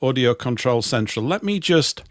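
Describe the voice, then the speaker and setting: A man's voice: medium pitch, expressive, normal speed, no room sound. A man in his fifties with a Yorkshire accent, co-hosting a casual radio chat and telling rambling anecdotes with dry, self-mocking humour. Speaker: co-host.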